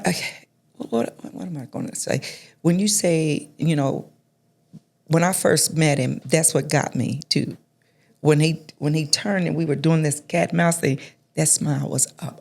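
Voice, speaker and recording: A middle-aged woman, a guest in an interview, telling stories in a reflective, soft-spoken way with many restarts. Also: low-pitched, vocal fry. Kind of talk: conversational storytelling.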